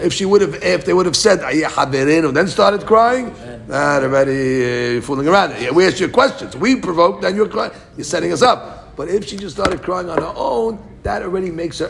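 A man teaching a lively Talmud class, quick and animated, acting out the story's voices. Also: a little high, gravelly, slight background noise.

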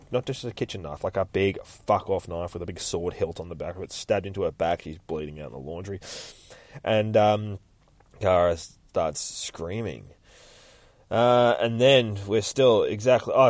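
Deep-voiced man ranting through a comic recap. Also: moderate pace, dry recording. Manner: swears freely and rambles. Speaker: comic book podcast host. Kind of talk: casual comic book recap.

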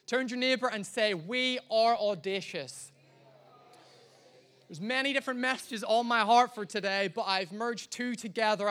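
A man's voice: high voice, fairly bright tone. A man preaches a live sermon at a church service. He tells a long personal story with self-mocking humor and speaks straight to the congregation. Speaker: pastor.

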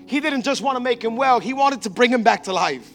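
A male pastor preaching an animated sermon in a church, acting out the characters he describes. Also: very high voice, a little fast, soft background music. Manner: animated, acts out biblical characters.

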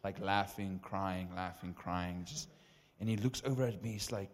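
A young man preaching a testimony sermon, telling stories with lively acted-out dialogue. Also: sits low, moderate pace. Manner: animated, acts out dialogue in stories. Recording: long reverb of a hall.

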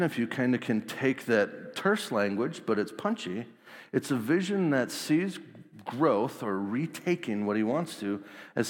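Jokey, slangy male preacher. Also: medium pitch. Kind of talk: casual sermon storytelling. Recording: long hall reverb.

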